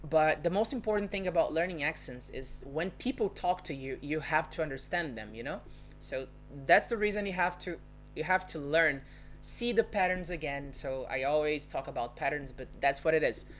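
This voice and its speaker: A woman's voice: sits low, lively intonation, moderate pace, faint music behind. A woman with a Brazilian Portuguese accent, teaching a live-streamed language lesson, patiently explaining and repeating example words. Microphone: phone or webcam on a live stream.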